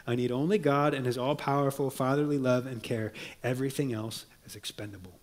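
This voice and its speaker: A man preaching a sermon, earnest and measured, dropping to soft low tones to press a point and reading quotations aloud. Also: steady tone. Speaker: pastor.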